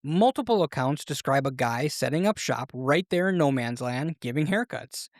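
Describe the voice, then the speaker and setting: Podcast host, history storytelling, playful and animated, middle pitch, dry close sound. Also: moderate pace, no room sound.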